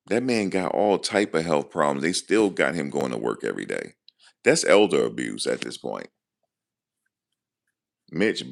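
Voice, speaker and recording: Very deep gravelly-voiced man riffing. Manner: loose, joking, talks back to chat. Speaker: livestream host. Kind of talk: casual commentary to live chat.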